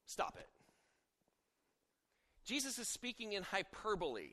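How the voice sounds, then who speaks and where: A middle-aged pastor preaches conversationally, telling stories and often breaking off to restart mid-sentence. His voice is on the high side, bright and forceful, with lively intonation at normal speed. A long hall reverb colors the recording.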